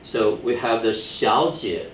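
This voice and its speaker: A man's voice: mid-range voice, takes it slowly. A man teaching a Chinese class, explaining the rules patiently step by step and checking whether students understand. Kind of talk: classroom lecture. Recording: echoey classroom from far off with faint noise.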